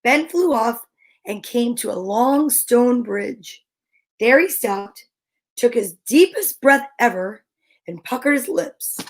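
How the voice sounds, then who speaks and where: A woman reading a children's picture book aloud, gentle, with whispered asides. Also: a little high, lively intonation, slow pace. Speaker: storyteller.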